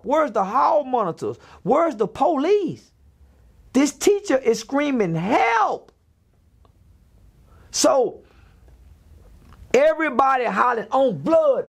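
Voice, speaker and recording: A man's voice: very high-pitched, gravelly. A man giving a blunt, preachy rant in a podcast interview, firing off rhetorical questions. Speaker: interview guest.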